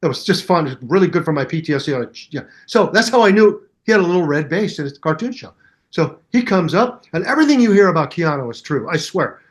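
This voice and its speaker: An older man, a bass teacher, telling stories in a casual interview and scatting bass lines aloud to show exercises. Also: fast. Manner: animated storyteller who scats bass lines aloud. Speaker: bass teacher and musician guest.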